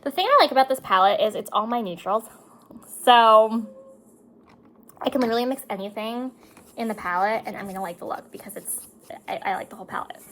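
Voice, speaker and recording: A woman's voice: a little high, lively intonation, brisk, pauses often, a bit bright, low-quality recording. A woman in her thirties chatting casually to her viewers while doing her makeup, talkative and emotional, tearing up at times. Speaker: beauty vlogger and mother.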